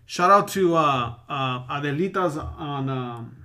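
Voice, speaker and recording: A man's voice: on the high side, lively intonation, takes it slowly, pushed and bright. A man telling a long story in casual podcast chat, rambling, slangy and full of swearing.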